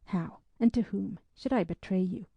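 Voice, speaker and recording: Gentlemanly army captain, polite and a touch masterful; gravelly, dry read; woman narrator voicing him. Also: mid-range voice, normal speed, no room sound, highs cut off. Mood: courteous. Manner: polite, soothing and a little masterful. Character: courteous English army captain, gentlemanly and solicitous.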